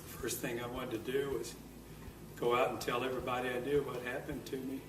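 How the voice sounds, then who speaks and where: An older man recounting a near-death experience, pausing and choking up with emotion. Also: mid-range voice, level tone. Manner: choked up, apologizing as emotion overtakes him. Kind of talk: personal testimony. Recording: echoey, distant with noisy background.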